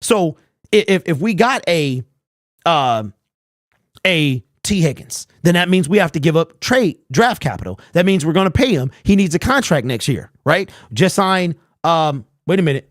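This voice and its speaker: A young sports stream host with a slightly high, animated voice talks at a moderate pace, delivering blunt rants, reading chat messages out loud and posing rhetorical questions. The studio recording is clean, with no room sound.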